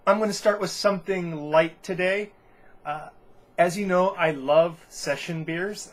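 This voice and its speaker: A chatty man whose voice sits a bit high for a man. He talks through a casual beer review in a loose, rambling way, restarting sentences and correcting himself as he goes.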